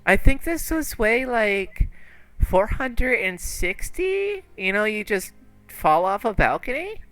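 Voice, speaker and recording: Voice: medium pitch, big pitch swings, fairly bright tone, soft background music, voice pushed up. A game master voicing a ditzy young woman who gushes and gasps over her dead boyfriend, full of "like" and "oh my god". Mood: gushing. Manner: breathless, gasping, talks in rushes with "like" and "oh my god".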